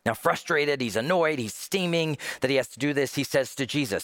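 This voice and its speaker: A man's voice: medium pitch, fairly quick, hardly any pauses, a bit bright, no room sound. A male pastor preaching a sermon, dramatic, acting out the voices he quotes.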